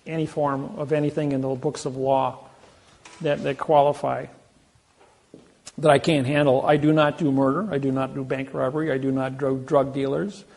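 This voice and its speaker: A man's voice: medium pitch, little pitch movement, moderate pace, vocal fry, a little mellow. A man talking casually and boastfully about his legal exploits, rambling with frequent restarts. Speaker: self-styled legal advocate. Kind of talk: casual storytelling talk.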